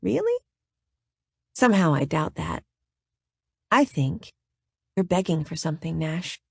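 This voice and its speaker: A woman voicing a seductive, commanding woman who speaks in a breathy, sexy voice. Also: low voice, sing-song, unhurried, a little mellow, no echo, clean studio sound, exaggerated voice. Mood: sultry.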